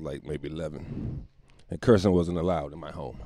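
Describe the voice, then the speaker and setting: A man's voice: rumbling low, a little fast, warm tone, no room sound, clean studio sound. A man hosting a comedic solo podcast, rambling, profane and self-mocking, often laughing at his own jokes. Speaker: podcast host.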